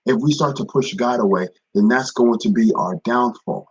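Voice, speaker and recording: A man with a mid-range, breathy-edged voice speaks at a moderate pace, giving a relaxed devotional over a live stream as a ministry speaker. He says phrases more than once and welcomes viewers by name, and the audio is dry and dull.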